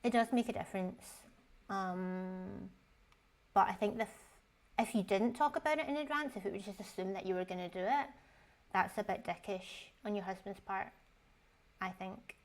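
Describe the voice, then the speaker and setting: A woman's voice: medium pitch, normal speed. A woman in her usual mid-range voice gives casual reaction commentary on online posts. She is frank and chatty, swears without a second thought and keeps asking rhetorical questions.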